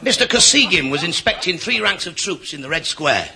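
A man telling quick deadpan jokes as a stand-up comedian, voicing the characters in his gags. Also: high-pitched, gravelly, over a noisy crowd. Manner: deadpan one-liners with voiced characters. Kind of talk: rapid-fire joke telling. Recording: noisy live club recording. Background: audience laughter.

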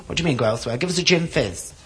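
A comedian voicing a flamboyant, demanding man who orders a drink with his big dog beside him, in a lower, camp voice. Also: expressive, very fast, natural voice. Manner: camp and pushy. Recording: live club recording, noisy crowd laughter.

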